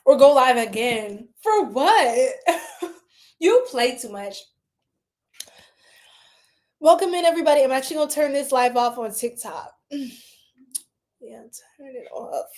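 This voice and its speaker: A woman's voice: high-pitched, expressive, a little slow, pauses often, a little mellow. A woman with an American lilt hosting a tarot livestream, chatting casually with her viewers, laughing often and swearing freely. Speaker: tarot reader livestream host.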